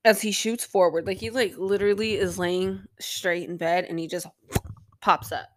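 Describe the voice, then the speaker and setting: A woman's voice: lowish voice, steady tone, normal speed, noisy background. A young woman hosting a podcast, recapping an episode in a rambling, sarcastic way with plenty of swearing and filler words. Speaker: podcast host.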